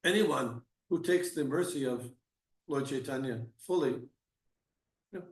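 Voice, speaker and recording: A man giving a scripture class and answering questions, halting with frequent restarts, then growing emphatic. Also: medium pitch. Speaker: class speaker. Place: temple hall. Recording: echoey room, mic at a distance.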